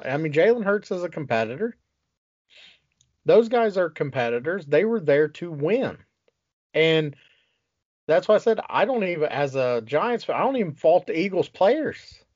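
A man's voice: on the high side, expressive, moderate pace, long pauses, a little mellow, no room sound. A man co-hosting a casual sports talk show, ranting with exasperation and plenty of swearing. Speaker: podcast co-host. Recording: dull lo-fi sound.

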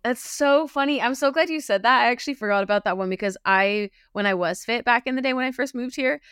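A woman's voice: a little high, fast, a bit bright, clear, resonant tone, no echo, clean studio sound. A young American woman co-hosting a podcast, chatting casually and laughing as she quizzes her friend. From United States. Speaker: podcast co-host. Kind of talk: casual chat. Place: Europe.

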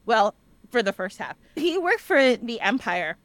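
A young woman hosting a podcast, casually retelling an old tale in a chatty, animated way with lots of "like" fillers. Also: on the high side, measured pace, no echo. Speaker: podcast host. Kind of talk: casual storytelling.

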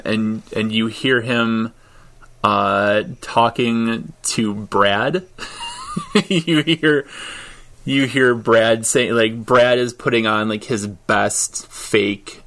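A man narrating a tabletop role-playing game as game master, halting, with many ums and frequent laughter. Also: on the low side, gravelly, fairly bright tone. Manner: halting, full of ums and likes, laughs often.

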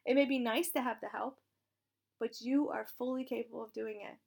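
A woman in her thirties, a military spouse with a hoarse, raspy voice, talking casually and frankly, encouraging listeners and swearing now and then. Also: a little high, steady tone, fairly quick, darkish tone. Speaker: military spouse sharing advice. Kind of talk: casual direct-to-camera talk.

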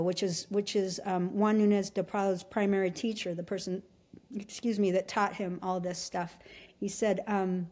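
A middle-aged woman from Alaska, a podcast guest telling her story in a casual, halting way with many restarts. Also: mid-range voice, steady tone, warm tone. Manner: halting, full of restarts and fillers. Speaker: podcast guest, shamanic teacher.

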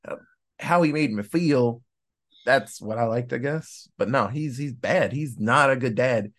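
A man's voice: mid-range voice, measured pace, fairly bright tone. A man co-hosting a casual horror movie review podcast, rambling, swearing and laughing often. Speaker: podcast co-host.

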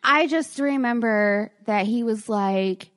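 A woman with a slightly raised pitch co-hosts a relaxed chat. She keeps chiming in with short agreements and laughs at her own drunken antics, in a self-deprecating way. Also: slow pace. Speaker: podcast co-host. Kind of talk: casual chat.

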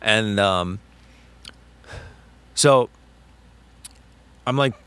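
A man co-hosting a podcast, telling a story in casual chat, animated and full of swearing and quoted back-and-forth. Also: on the low side, drawn-out words, clean tone, no echo. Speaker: podcast co-host.

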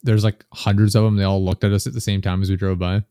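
A man's voice: lowish voice, flat delivery, fast talker, dark tone, no room sound, studio quality. A young man, a podcast guest, chatting casually and telling rambling anecdotes with chuckles.

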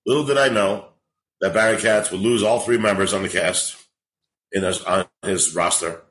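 A man with a lowish voice chats casually on a podcast, rambling through stories with plenty of swearing. He is a comedian in his forties, and his delivery is loose and animated. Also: normal speed, poor audio. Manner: rambling, profane, animated storytelling. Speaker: comedian guest.

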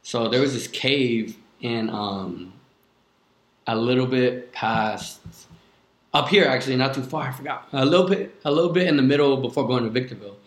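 A man's voice: mid-range voice, normal speed. Young man telling stories, echoey room. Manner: loose, swears a lot, many "like" fillers. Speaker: DJ guest. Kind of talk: casual podcast storytelling.

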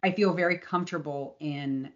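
Woman chatting on a podcast, candid and animated, bit low-pitched, kinda muffled recording. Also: normal speed. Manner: candid, animated storyteller with frequent restarts and laughs. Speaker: podcast co-host and endurance coach. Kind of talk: casual storytelling chat.

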